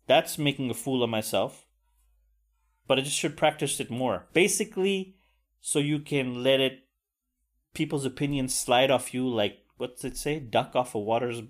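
Guy rambling solo on his podcast, swears a lot, laid back and self-mocking. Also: mid-range voice. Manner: casual, profane, self-deprecating. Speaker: podcast host. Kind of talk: casual solo podcast talk.

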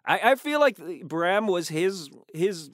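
A man, an actor guest, telling lively behind-the-scenes stories in a casual interview, quoting people as he goes. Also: high-pitched, slow, no room sound, studio quality. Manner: animated storyteller, quotes others in changed voices.

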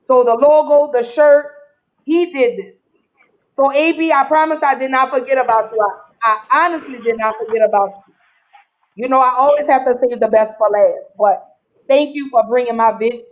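A woman hosts a casual live chat, effusive and emotional, thanking people over and over. Her voice sits high. The recording is muffled and lo-fi. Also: normal speed. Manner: emotional, effusive, repeats herself. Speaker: podcast host. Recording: muffled low-fidelity audio.

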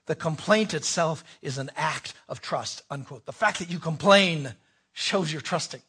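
A man preaching a sermon, reading scripture dramatically, swinging from hushed asides to shouted pleas. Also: a little high, normal speed, husky.

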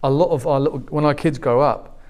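He speaks a little fast, with a fairly high pitch. A pastor in his forties, he preaches by telling animated stories and taking on the voices of the people he describes.

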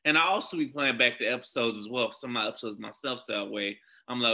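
Podcaster, man, easygoing casual talker, very bright tone, middle pitch. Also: quick pace, gravelly, few pauses. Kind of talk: casual chat.

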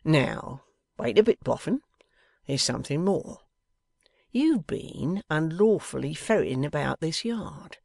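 Guy doing a creaky old crook, one wooden leg, gloating, slow and mean. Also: a little high, big pitch swings, darkish tone, dry recording, clean studio sound, full character voice. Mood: menacing. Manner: menacing, deliberate, turns w for v. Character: grasping one-legged scheming male blackmailer.

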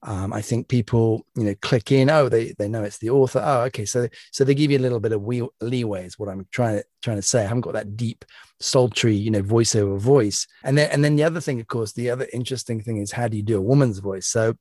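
A British man, an author being interviewed, talking casually with many restarts and repeated words, with a young-sounding, slightly higher voice. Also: fast talker, darkish tone, no echo, clean studio sound. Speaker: author and guest.

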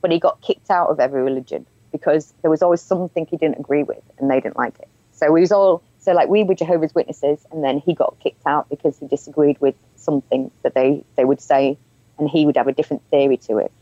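A woman's voice: deep voice, steady tone, fast, warm tone, dry recording, highs cut off. A woman telling her own story as an interview guest, candid and frank, often breaking into laughter. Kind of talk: personal storytelling in conversation.

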